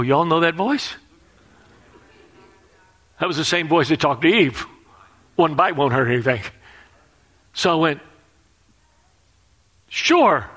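A middle-aged man preaching a sermon, telling a personal story with animated delivery and questions to his audience. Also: mid-range voice.

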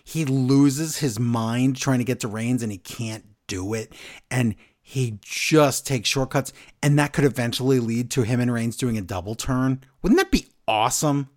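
A man co-hosting a podcast, recapping a wrestling show in casual, animated chat from his notes. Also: mid-range voice, measured pace. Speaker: podcast co-host.

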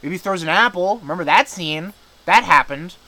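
A man's voice: high voice, expressive, normal speed, sharp tone, rough recording. A man co-hosting a podcast, chatting casually and profanely about gaming news with loose banter. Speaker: podcast co-host.

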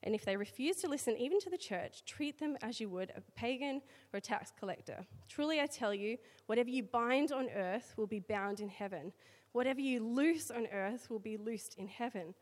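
A woman's voice: on the high side, animated, moderate pace, few pauses. A woman with an Australian accent giving a conversational sermon, reading scripture with chatty asides. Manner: chatty asides, filler words between readings. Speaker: church speaker. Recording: long hall reverb.

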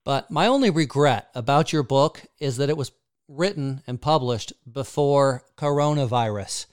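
A man's voice: medium pitch, normal speed, smooth. A man hosting an interview, asking questions casually with many ums and uhs. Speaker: interview host.

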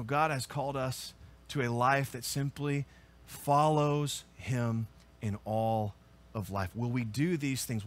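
A man preaching as pastor, earnest and emphatic, swelling to loud peaks and then dropping low and quiet. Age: adult with children. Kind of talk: sermon.

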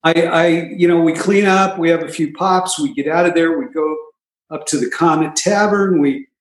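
Wry, slightly high-voiced man in an echoey room. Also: moderate pace. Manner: wry, self-mocking humor with frequent asides. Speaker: guest sharing his recovery story. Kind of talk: casual storytelling.

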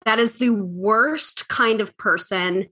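A woman's voice: mid-range voice, takes it slowly, bright, forceful tone. A woman co-hosting a podcast, blunt and indignant, swearing casually. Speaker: podcast co-host. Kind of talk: casual chat.

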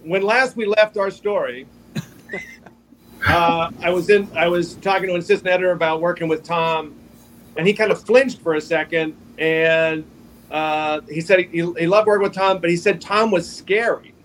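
A man telling casual anecdotes as a guest on a video call, rambling and halting with small chuckles. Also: high voice, fairly bright tone, a little hiss or hum, poor audio. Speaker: guest comic artist.

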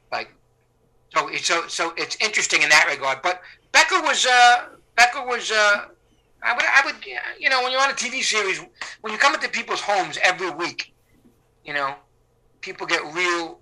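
A middle-aged man telling stories in an interview, rambling and full of restarts. His voice sits a touch high, with a sharp, forceful brightness. He acts out the people he quotes. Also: low-quality recording. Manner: rambling, with many restarts and fillers. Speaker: actor, interview guest. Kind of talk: casual anecdotal storytelling.

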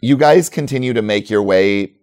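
A man narrating as game master of a tabletop game, relaxed and rambling, full of fillers. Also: lowish voice, normal speed.

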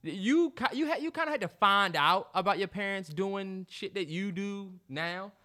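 High-voiced man, teasing podcast banter. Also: expressive, moderate pace, pushed and bright. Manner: teasing, laid-back, slangy. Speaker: podcast co-host. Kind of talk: casual chat.

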